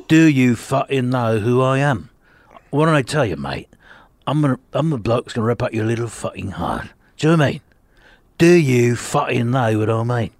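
Man doing a gruff London tough-guy. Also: mid-range voice, lively intonation, moderate pace, dry recording, lightly acted. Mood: menacing. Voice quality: gruff, clipped words. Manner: threatening, swearing, slurred phrases. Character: gruff menacing London tough-guy action star, male. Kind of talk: celebrity impression in a talk show interview. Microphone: studio mic with headphones.

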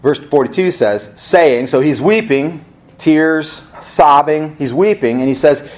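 A man's voice: fairly high pitch, expressive, measured pace, darkish tone. A male pastor preaching a sermon in a conversational way, asking rhetorical questions and rising for emphasis.

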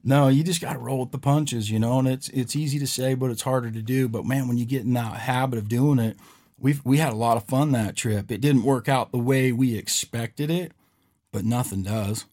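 A man's voice: medium pitch, moderate pace, darkish tone. A man hosting a podcast, telling a story in a rambling, casual way and often checking in with "right?". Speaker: podcast host.

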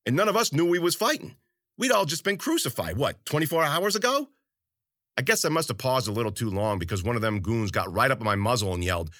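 A man's voice: mid-range voice, big pitch swings, quick pace, a bit bright, dry recording, studio quality. A man narrating a story in the first person, crude, rambling and full of profane slang.

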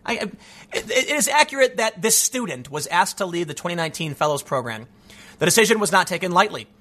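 A man's voice: high voice, sing-song, quick pace, pushed and bright. A man hosting an opinionated news commentary show, reading stories aloud and mocking them with sarcastic, rambling asides.

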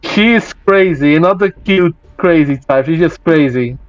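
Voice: mid-range voice, a little slow, faint music behind. Brief: a blunt, cursing player on a slightly dull recording. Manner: blunt, swearing. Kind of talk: casual chat.

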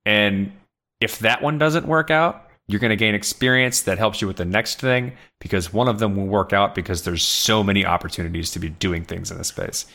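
A man's voice: fairly low pitch, normal speed, vocal fry, sharp tone. A man co-hosting a podcast, talking in an earnest pep-talk manner in casual chat. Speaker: podcast co-host.

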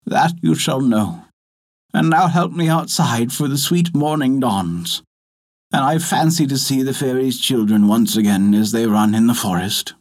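A man voicing a gentle dying mother in a told folktale, speaking tenderly. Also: mid-range voice, measured pace.

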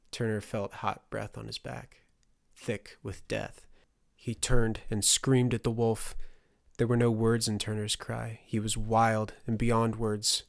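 Gravelly male audiobook narrator. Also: fairly low pitch, little pitch movement, slow.

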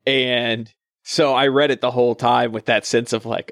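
A man's voice: mid-range voice, level tone, normal speed, vocal fry, a bit bright, dry recording, clean studio sound. A man co-hosting a book podcast, chatting casually and amused about the story. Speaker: podcast co-host. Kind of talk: casual book club chat.

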